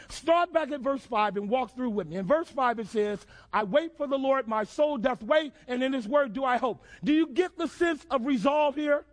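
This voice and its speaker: A man preaching a sermon, asking the congregation questions and building to shouted phrases. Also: very high-pitched. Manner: preaching with call-and-response questions and rising shouts. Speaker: pastor.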